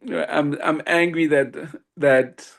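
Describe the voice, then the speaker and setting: A man, a swami and podcast guest, telling a personal story in an animated way with frequent laughter and acted-out dialogue. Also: fairly high pitch, slow, creaky.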